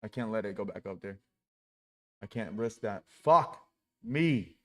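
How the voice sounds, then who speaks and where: A man's voice: lowish voice, fairly even intonation, moderate pace, a little mellow. A man live-streaming his day trading, talking through his trades with heavy swearing and frustrated outbursts.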